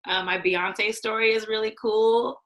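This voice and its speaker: A woman with a bright, crisp voice tells a story in an easy, chatty way. She slips into other people's voices as she quotes them and laughs now and then. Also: fairly high pitch, a little slow, rough recording. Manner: animated, acts out quotes, laughs often. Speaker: guest, former studio executive. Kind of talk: casual storytelling.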